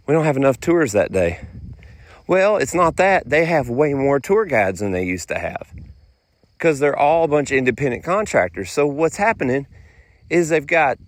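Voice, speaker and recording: A man's voice: medium pitch, slight background noise. Folksy man telling a story. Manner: rambling storytelling, folksy phrasing. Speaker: podcast host. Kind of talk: casual monologue.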